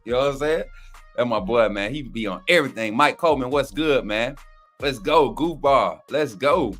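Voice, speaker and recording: A man rattles off shout-outs to his live chat, excited and slangy. His voice leaps up and down in pitch as he gets louder. Soft music plays faintly behind him. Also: moderate pace. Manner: hyped, slangy, calls out chat names. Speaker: co-host. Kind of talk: casual livestream shout-outs.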